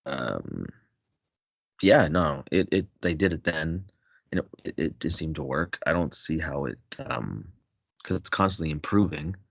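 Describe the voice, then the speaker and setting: A man's voice: a bass voice, very animated, a little slow, gravelly, no echo. A man co-hosting a casual podcast who rambles with many fillers. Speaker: podcast co-host. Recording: dry, dull lo-fi mic.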